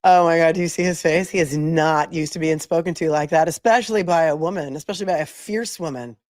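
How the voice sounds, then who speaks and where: A woman's voice: low voice, fast, darkish tone, no room sound. A woman attorney hosting a show, chatting casually and with opinions as she comments on a hearing video, her voice sounding sick. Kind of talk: live commentary on court video.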